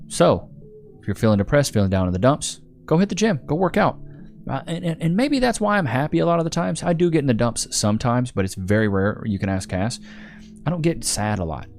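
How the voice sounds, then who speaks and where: A chummy man with a fairly low voice talks loosely through a livestream, thanking viewers and reading their donations. His talk rambles, with plenty of laughing asides, and faint music plays underneath. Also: darkish tone. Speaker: livestream host.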